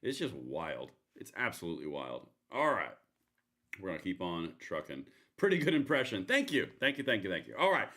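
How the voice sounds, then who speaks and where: A man's voice: low voice, very animated, moderate pace, fairly bright tone. A man hosting a live political commentary stream, talking in a rambling, sarcastic way with many restarts. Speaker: livestream host.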